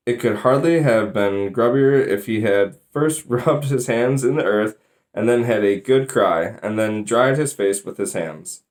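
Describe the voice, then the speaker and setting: A man reading a children's novel aloud in a plain, even manner, with small slips now and then. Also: fairly low pitch, unhurried. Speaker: storybook reader.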